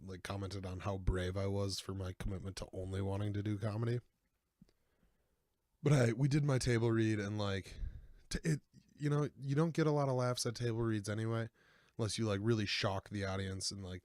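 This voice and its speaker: A man's voice: on the low side, no room sound, clean studio sound. A man in his twenties hosting a podcast, rambling and joking in a casual, self-deprecating chat. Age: 20s. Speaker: podcast host.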